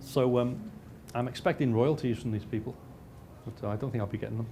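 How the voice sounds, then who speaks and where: A man of middle pitch lectures over slides, stumbling and restarting often. He drops in dry, self-mocking jokes, and a faint hiss runs underneath. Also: fairly even intonation, a little fast, mellow. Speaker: lecturer and researcher.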